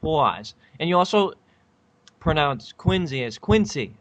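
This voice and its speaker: A man's voice: a little high, big pitch swings, unhurried, fairly bright tone. A man with a Boston accent talking on a casual podcast, blunt and crude. He mocks his friend by mimicking his pronunciation, swearing as he goes. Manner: mocking, crude, mimics the other's speech.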